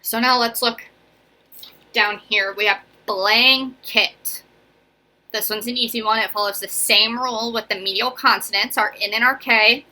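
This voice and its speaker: A woman's voice: a little high, steady tone, moderate pace, bright, forceful tone. A young woman teaching a casual video phonics lesson, chatty and encouraging, often checking in with "right?" and "okay?". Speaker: elementary school teacher.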